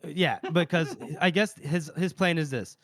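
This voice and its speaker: A man's voice: on the high side, measured pace, a bit bright, no echo. A man co-hosting a casual book podcast, retelling a chapter's scenes and briefly voicing the characters' lines as he goes. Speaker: podcast co-host.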